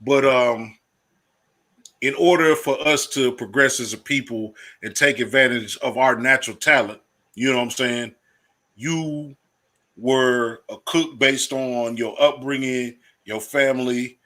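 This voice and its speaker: A man with a Southern US accent hosting a casual interview, talking in an animated, slangy way. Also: mid-range voice, unhurried. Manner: animated, lively slang, laughs. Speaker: host.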